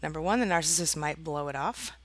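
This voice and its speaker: A woman's voice: deep voice, expressive, a little fast, fairly bright tone, no echo, low-quality recording. A woman host talking earnestly and casually to her viewers about abusive relationships, with many fillers and small laughs. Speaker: host, narcissistic abuse coach. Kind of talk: casual talk to camera.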